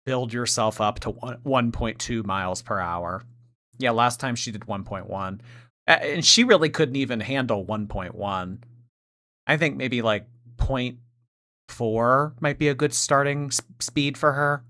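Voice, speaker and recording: A woman's voice: extremely low pitch, animated, unhurried, a bit bright. A woman streamer giving sarcastic, mocking commentary on a video and reading chat messages aloud.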